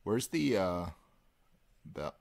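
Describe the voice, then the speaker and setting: A man hosting a live card break, calling out pulls and chatting with viewers in a relaxed, rambling way. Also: on the low side, slow, creaky. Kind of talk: casual live-stream chat while opening cards.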